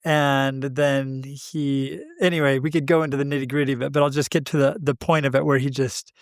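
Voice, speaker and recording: A man co-hosting a podcast, talking through spiritual ideas in a thoughtful, unhurried way with frequent pauses. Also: mid-range voice, flat delivery, no echo, studio quality. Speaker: podcast co-host. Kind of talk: reflective spiritual conversation.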